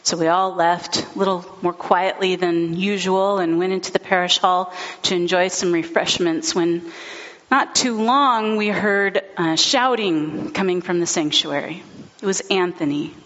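A woman's voice: fairly low pitch, a little slow, fairly bright tone. A woman pastor preaching a sermon, telling a story in an earnest, heartfelt way, in a dull recording.

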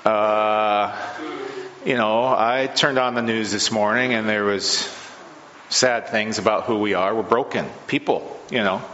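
A male pastor giving a sermon in a church, earnest and halting, repeating his key phrases as he works through his points. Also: fairly low pitch, steady tone, fairly bright tone, slight background noise. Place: church sanctuary with congregation. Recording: dull lo-fi recording with long hall reverb.

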